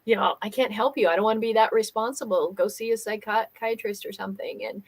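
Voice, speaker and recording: A woman hosting a casual livestream chat as a business coach, telling an animated story and acting out quoted dialogue. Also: medium pitch, fast.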